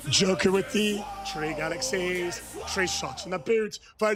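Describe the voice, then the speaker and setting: A man livestreaming, chatting with viewers and loudly shouting cheers and countdowns. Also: high voice, a little slow, hardly any pauses, faint music behind. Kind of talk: hyped livestream chat with viewers.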